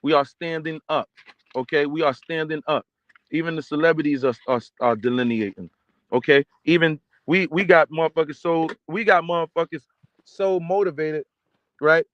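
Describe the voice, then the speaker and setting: A man's voice: a little high, steady tone, moderate pace, highs cut off. A man in a casual livestream rant, reading viewer comments and hammering each point with repeated "okay?" and "right?". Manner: emphatic, repetitive, keeps asking "okay?".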